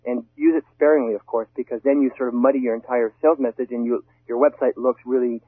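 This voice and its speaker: A man giving emphatic, animated advice about website copy in a casual conversation, often repeating words to stress a point. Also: mid-range voice, fast talker, breathy edge, dry recording. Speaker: guest expert on web copywriting. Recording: tinny phone line, dry.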